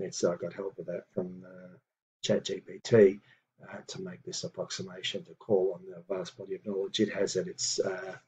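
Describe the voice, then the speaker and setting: Man, language teacher, patient explanations, frequent fillers, deep voice, dull audio. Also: mellow, a little hiss or hum. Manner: explains patiently, many fillers, reads example phrases slowly. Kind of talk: video lesson.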